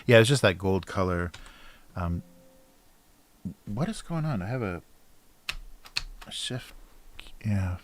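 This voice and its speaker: A cartoonist talking casually to a livestream as he draws, often mumbling to himself and trailing off with soft laughs. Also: fairly low pitch, expressive, takes it slowly, pauses often. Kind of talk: casual chat while drawing.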